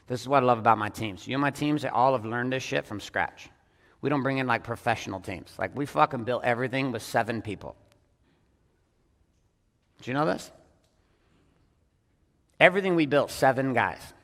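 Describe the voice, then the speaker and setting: A man leading a business audience as a coach, talking bluntly and with lots of swearing, swinging between loud emphatic bursts and hushed, intense passages. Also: medium pitch, moderate pace, gravelly, pauses often, in a large hall. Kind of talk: profane motivational talk on stage.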